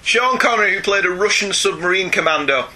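Bright, husky British man hosting. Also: high-pitched, expressive, fairly quick, poor audio. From Britain. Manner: jokey, chatty, laughing often. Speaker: podcast host. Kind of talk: casual podcast chat.

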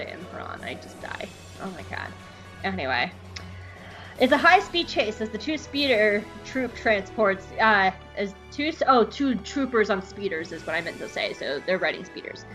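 A woman co-hosting a podcast, recapping an episode in an excitable, gushing way with playful asides. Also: a little high, rough recording. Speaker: podcast co-host.

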